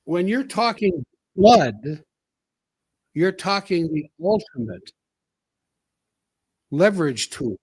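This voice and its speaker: A man's voice: sits high, sing-song, slow pace, pauses often, a little mellow, slightly rough, dry recording, rough recording. A man hosting a solo commentary show, talking in an emphatic way and repeating key phrases for effect. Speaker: political commentary host.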